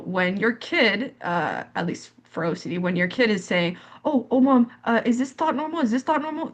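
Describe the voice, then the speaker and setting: A young woman speaks candidly on a discussion panel about her own experiences. Her talk is full of fillers, restarts and repetitions, and she acts out remembered conversations, lifting her voice when she quotes others. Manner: animated storytelling, acts out quoted dialogue in higher pitch. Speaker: panelist sharing lived experience. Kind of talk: candid personal account on a panel.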